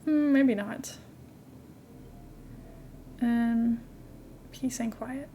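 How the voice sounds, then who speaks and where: A young adult woman streaming a game from home, chatting in a rambling, casual way and cooing softly at her cat now and then. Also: on the high side, very slow, a little hiss or hum. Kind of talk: casual live-stream chat while gaming.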